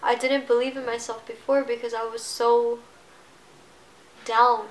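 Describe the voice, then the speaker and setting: Young woman in a halting, emotional confession. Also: a little high, flat delivery, slight background noise, low-quality recording. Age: 20s. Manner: halting, emotional, many restarts. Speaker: vlogger. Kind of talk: personal vlog confession.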